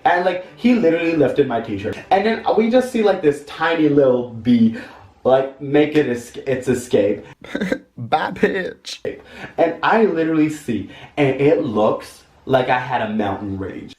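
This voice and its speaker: A young male vlogger tells a campy, dramatic childhood story for a storytime video, his darkish voice lively in intonation at a moderate pace and swinging into high-pitched character voices. He sounds far from the mic in an echoey room, with music playing underneath.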